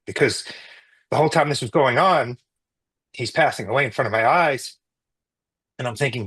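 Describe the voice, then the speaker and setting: A middle-aged man, a physician, giving an emotional personal account in an interview, halting with many restarts. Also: mid-range voice, a bit bright, slightly rough, rough recording.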